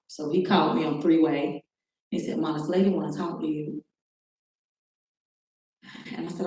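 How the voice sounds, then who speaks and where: A middle-aged woman with a dark, low voice gives personal testimony as a talk show guest, performing the phone calls from her story. She speaks unhurriedly in a steady tone with long pauses, captured by a far-off mic in a highly echoey room with faint noise.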